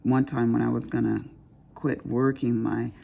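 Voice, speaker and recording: A woman's voice: extremely low pitch, little pitch movement, moderate pace, vocal fry, dark tone. A middle-aged woman, chatting casually and expressively to her viewers while she crafts, calling them honey. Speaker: diamond painting vlogger.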